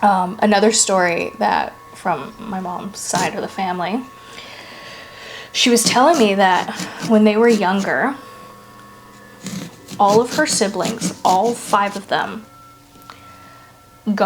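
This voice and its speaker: A woman's voice: medium pitch, slight background noise. A young woman from Brazil casually telling family ghost stories, chatty and full of "like" fillers. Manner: chatty, filler-heavy with frequent "like", animated retelling. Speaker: storyteller, channel host. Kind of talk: casual spoken ghost storytelling.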